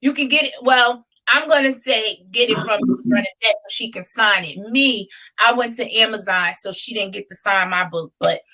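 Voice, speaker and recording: A woman hosting a livestream and wrapping up a casual chat in a relaxed, chatty way. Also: fairly high pitch, moderate pace, few pauses, rough recording. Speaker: livestream host.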